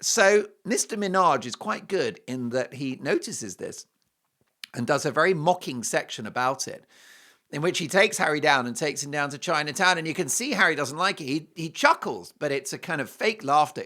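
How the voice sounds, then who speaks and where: A male talk show host delivering opinionated commentary and a sponsor read. His pitch leaps and dips with lively emphasis, and he leans into punchlines with a jokey, emphatic delivery. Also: moderate pace.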